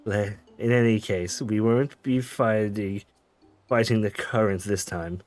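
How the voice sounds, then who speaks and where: A man's voice: fairly low pitch, fairly even intonation, measured pace, a little mellow. A man streaming a game, reading the dialogue aloud with frequent stumbles, self-corrections and laughs. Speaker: gaming streamer.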